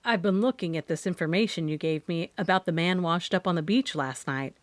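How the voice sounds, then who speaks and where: Woman voicing a lower-pitched young male reporter, tired, teasing, dry close audiobook. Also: fairly quick, dry recording, close to an everyday voice. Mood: wry.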